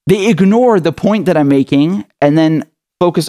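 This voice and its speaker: Angry man ranting at a higher pitch. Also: moderate pace, warm tone. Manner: angry, outraged, swearing. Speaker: political commentary host. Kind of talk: impassioned political rant.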